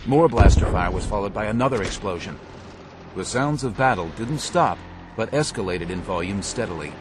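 A man giving a steady, measured scripted audiobook narration. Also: lowish voice, noisy background.

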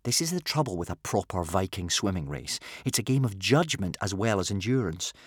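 A man narrating a children's adventure story with an expressive reading. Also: low-pitched, fairly quick, slightly rough. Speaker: audiobook narrator.

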